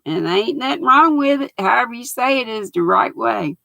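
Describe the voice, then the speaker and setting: A woman's voice: fairly high pitch, lively intonation, normal speed, vocal fry, bright, forceful tone, no room sound, low-quality recording. An older woman, hosting a livestream in a folksy, chatty way, reading out comments from her viewers. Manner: folksy, chatty, laughs often. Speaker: livestream host.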